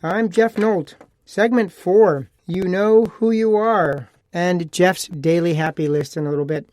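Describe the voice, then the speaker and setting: A man's voice: high-pitched, unhurried, darkish tone, dry recording. Chatty man hosting a solo podcast. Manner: chatty and rambling, with repeated phrases and asides. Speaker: podcast host. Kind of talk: casual solo podcast monologue.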